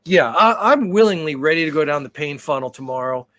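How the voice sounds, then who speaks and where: Fairly quick and a little high-voiced, this man co-hosts a podcast and tells energetic, animated stories during casual conversation. Swearing comes often and freely.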